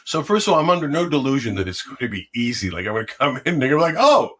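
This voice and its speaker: A man's voice: mid-range voice, sing-song, racing, a bit bright. A middle-aged man speaking passionately and combatively in an interview conversation about politics and a possible run for office.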